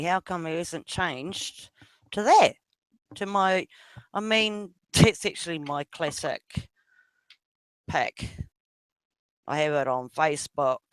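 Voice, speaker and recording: A woman's voice: deep voice, no echo. A woman with a New Zealand accent in a casual voice chat, rambling, swearing freely and laughing often.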